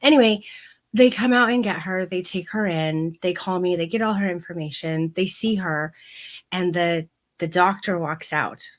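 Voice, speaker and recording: Chatty animated woman telling a story. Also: lowish voice, normal speed. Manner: chatty and animated, playful vocal impressions. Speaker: photography coach. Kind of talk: live-stream storytelling.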